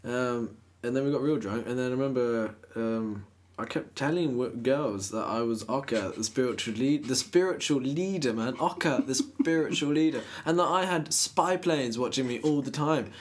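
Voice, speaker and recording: Crude, rambling male co-host. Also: medium pitch. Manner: rambling, crude, rapid-fire joking. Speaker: podcast co-host. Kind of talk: casual banter.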